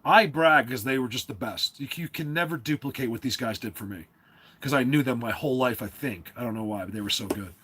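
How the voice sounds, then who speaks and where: A man's voice: mid-range voice, brisk, fairly bright tone, a little hiss or hum. A man from New Jersey hosting a casual livestream, rambling along with lots of fillers and restarts. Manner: rambling, filler-heavy, self-interrupting. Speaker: livestream host.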